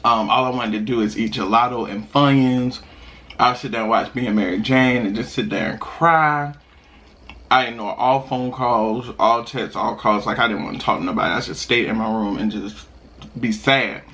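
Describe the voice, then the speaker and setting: A young man vlogging while eating, telling a personal story in a chatty, animated way with sudden high laughs. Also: normal speed. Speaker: mukbang vlogger.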